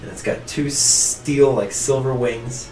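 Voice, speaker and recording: A man's voice: mid-range voice, slow. Laid-back guy game-mastering, chill descriptive storytelling, echoey room, bit far from mic, music under. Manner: relaxed, descriptive, with filler "like" and "just". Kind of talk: narrating a tabletop game. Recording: roomy, distant mic with music.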